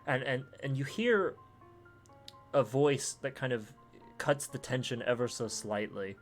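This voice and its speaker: A man's voice: mid-range voice, unhurried, faint music behind. A man narrating a tabletop game as dungeon master, with many fillers and restarts. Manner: filler-heavy, laughing narration.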